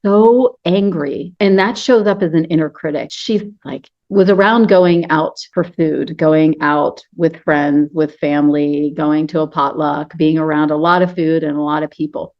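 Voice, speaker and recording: A woman coach giving an earnest, gentle teaching talk to camera, sometimes acting out her own inner dialogue. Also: lowish voice, moderate pace, few pauses, muffled recording.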